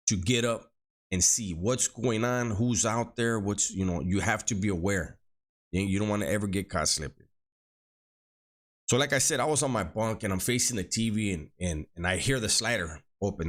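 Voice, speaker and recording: A middle-aged man telling a story from his past in casual street slang, often repeating words as he goes. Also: lowish voice.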